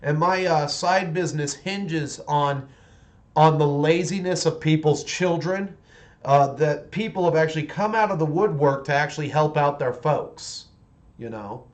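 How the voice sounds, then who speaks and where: A man in his forties chatting casually on a livestream while painting miniatures, rambling along with many restarts. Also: a little high.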